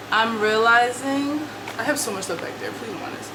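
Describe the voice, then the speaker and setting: Young woman rambling to her vlog while clearing out her place, slangy, lots of background noise. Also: fairly high pitch, moderate pace. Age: 20s. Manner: chatty, slangy, talks to herself as she works. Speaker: vlogger. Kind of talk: casual chat while decluttering. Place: her apartment.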